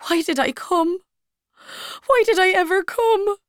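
A woman's voice: high-pitched, lively intonation, normal speed, no echo, studio quality, voice pushed up. Woman voicing a grieving young woman. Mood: tearful. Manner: pleading, distraught questions. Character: young Irish woman, grieving, tearful emigrant.

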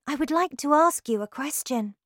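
A woman reading aloud who puts on a clever, bold little girl, speaking with eager, bright questions. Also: high voice, expressive, normal speed, dry recording, clean studio sound, pitched above the performer's own voice. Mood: polite.

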